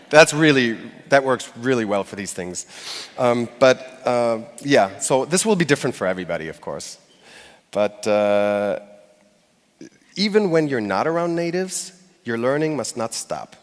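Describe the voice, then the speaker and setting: A man's voice: mid-range voice, animated, unhurried. Man giving a talk in a reverberant hall. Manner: conversational, addresses the audience directly. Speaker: speaker giving a public talk. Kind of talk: conference talk. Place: stage before a live audience.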